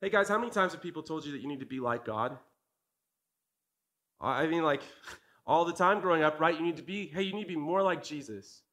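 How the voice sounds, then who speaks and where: A man's voice: on the high side, a little fast, pauses often, a bit bright. A man in his thirties giving a sermon in a conversational, earnest way, often asking the congregation questions. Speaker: part-time preacher.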